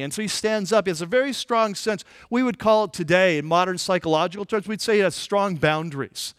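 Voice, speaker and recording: A man's voice: high-pitched, a little fast, hardly any pauses, a bit bright, clear, resonant tone, no room sound, studio quality. A man preaching a conversational sermon as pastor, informal and emphatic, with many fillers and restarts.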